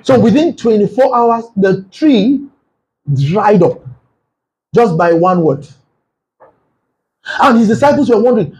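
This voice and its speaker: A man preaching a sermon to his church, firing off rhetorical questions and breaking into shouts. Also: high voice, expressive, a little slow, pauses often, poor audio. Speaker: pastor.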